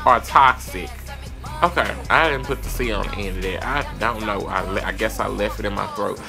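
A man's voice: on the low side, brisk, gravelly, over music. A young man with a Southern US accent, giving a brash, profane, sassy advice rant as a vlogger. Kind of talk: casual advice rant to camera.

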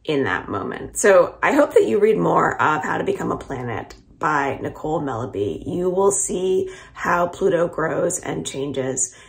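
Low, gravelly woman reading aloud. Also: very animated, unhurried, hardly any pauses. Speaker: library book reader. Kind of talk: reading a book chapter aloud.

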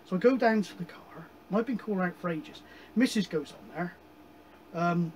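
A man casually chatting about his radio hobby, rambling with many pauses and digressions. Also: sits high, animated, a little mellow, a little hiss or hum, rough recording. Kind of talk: casual chat.

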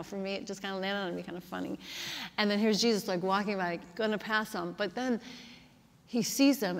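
A woman's voice: medium pitch, a bit bright. Woman pastor, earnest conversational sermon, casual fillers, mid-range voice, long hall reverb.

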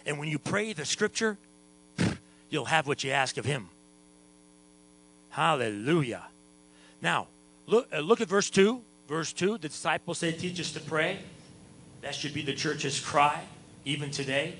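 Male pastor, lively sermon delivery, somewhat high voice, hum under the track. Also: unhurried, long pauses, low-quality recording. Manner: animated preaching, sings and shouts at times.

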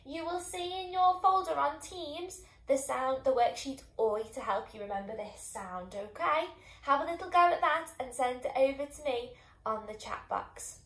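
A woman teaching young children phonics, sounding out each sound slowly and clearly and encouraging them. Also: high voice, a bit bright, echoey room. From England. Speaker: primary school teacher.

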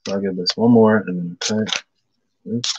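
A man's voice: on the low side, fairly even intonation, moderate pace, dull audio, background noise. A man giving a casual tarot reading to viewers, thinking aloud with many fillers and stopping to greet commenters by name. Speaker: tarot reader.

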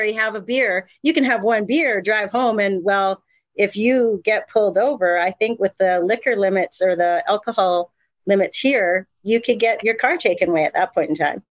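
A middle-aged woman telling her story as an interview guest, candid and animated, with many fillers and restarts. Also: mid-range voice, normal speed, no room sound, highs cut off. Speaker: guest, mother of incarcerated sons. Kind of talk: emotional personal storytelling.

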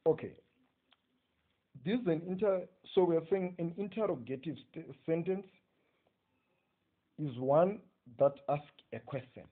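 A man with a Zimbabwean accent gives an English lesson on punctuation, dictating slowly and often checking with "okay?". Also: a little high. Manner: slow, dictating phrases, frequent "okay?" checks. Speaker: English teacher. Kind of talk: recorded exam-prep lecture. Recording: tinny phone-like audio.

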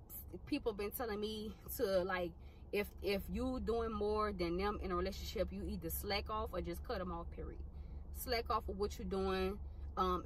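A young adult woman vlogger chats casually with her viewers, blunt and animated and swearing freely. Her voice is mid-range, with a little hiss or hum in the audio.

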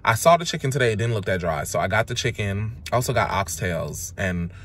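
A lower-voiced man from Jamaica talks straight into his handheld camera as a casual food vlogger. He is dramatic and sassy, swinging between big exclamations and quiet grumbles. A faint hiss of background noise sits under his voice. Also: lively intonation, brisk. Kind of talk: casual chatty vlog. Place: in a car, out and about, then at home. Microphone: handheld camera or phone.

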